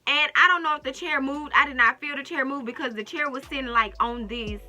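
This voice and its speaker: A woman vlogger telling a story to the camera in a casual, animated way, speaking straight to her viewers. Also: high voice, a little fast. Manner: animated, talks straight to viewers, acts out quotes.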